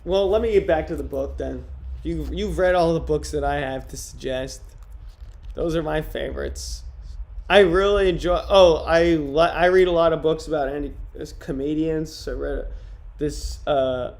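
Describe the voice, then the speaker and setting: A man streaming in casual livestream chat, trying out deadpan stand-up jokes on his viewers. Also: on the high side, creaky.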